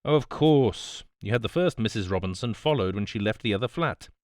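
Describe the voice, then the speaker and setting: A man voicing an excitable, flustered male companion who exclaims in alarm, in an audiobook. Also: on the low side, a little fast, no echo, studio quality, natural voice. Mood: agitated. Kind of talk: audiobook character voice.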